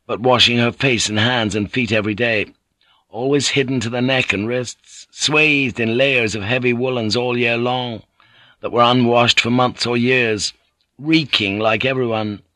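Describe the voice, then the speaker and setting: A middle-aged man narrating a novel in a measured, dramatic, rhythmic reading. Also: mid-range voice, sharp tone, no echo. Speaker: audiobook narrator. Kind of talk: scripted narration.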